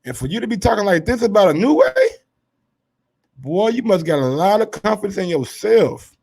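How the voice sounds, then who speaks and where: A man hosting a casual sports commentary show, brash and profane, swinging from low asides to loud heated rants. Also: animated, moderate pace, gravelly, slightly rough.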